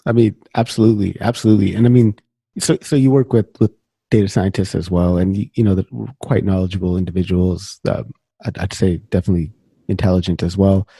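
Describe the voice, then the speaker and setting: A man's voice: deep voice, steady tone, quick pace, creaky, warm tone, husky, dry recording. A man hosting a podcast interview, asking friendly, thoughtful questions and rephrasing them as he goes. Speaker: podcast host.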